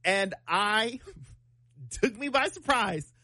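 A young man on a radio show spins an embarrassing story with self-mocking energy. His voice sits high and bright and leaps up and down as he talks. The sound is close and dry. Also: no room sound. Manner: animated, self-mocking, quick bursts. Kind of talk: casual morning-show storytelling.

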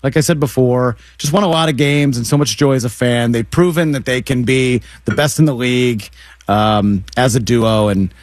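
A man's voice: mid-range voice, steady tone, moderate pace, no room sound. A man co-hosting a casual sports talk show, rambling with frequent stammers and restarts, poking fun at himself.

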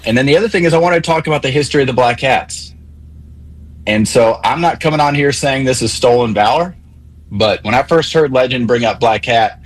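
A man calling in to a sports talk radio show, explaining things in a measured, methodical way. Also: mid-range voice, husky, poor audio. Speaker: caller.

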